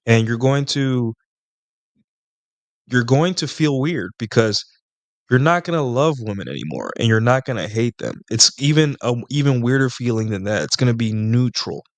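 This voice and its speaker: A young man answers chat questions on a live stream in a loose, rambling way that keeps circling back on itself with restarts and fillers. His voice is smooth and clear and sits at an ordinary pitch. The sound is dry and close, with no room in it. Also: animated, normal speed, no room sound. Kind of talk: casual live Q&A monologue.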